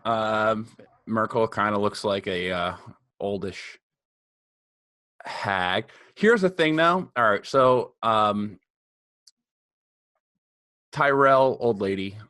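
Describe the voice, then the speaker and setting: A man's voice: lowish voice, slow pace, long pauses, bright, forceful tone, no echo, studio quality. A young man co-hosting a podcast in casual chat, blunt and joking, laughing as he tells stories. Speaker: podcast co-host.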